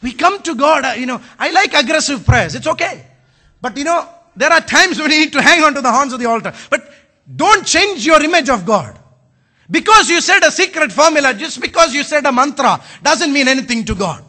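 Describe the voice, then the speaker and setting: High, bright-voiced pastor preaching. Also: male voice, animated, brisk. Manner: preaching with bursts of shouting, mixes in Malayalam phrases. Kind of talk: sermon.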